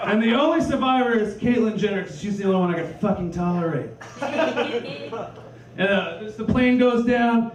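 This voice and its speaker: A man's voice: high voice, background noise. A man performing a crude, rambling, self-deprecating stand-up comedy set. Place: comedy club stage with live audience. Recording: echoey club, distant mic, crowd laughter.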